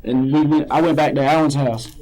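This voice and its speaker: A man's voice: a little high, a little fast, darkish tone, low-quality recording. Rambling man in a police interview. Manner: rambling, hesitant, repeats himself.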